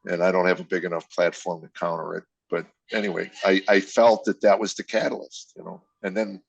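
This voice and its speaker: An older man in a dry, close podcast recording, talking with raw candor about his past. His voice sits low, and he drops into the people he quotes as he tells the story. He sounds emotional and unguarded. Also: level tone, brisk, vocal fry, slightly rough, no echo, lo-fi sound. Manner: emotional, confessional, acts out quoted dialogue. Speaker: comedian guest. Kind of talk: candid personal storytelling.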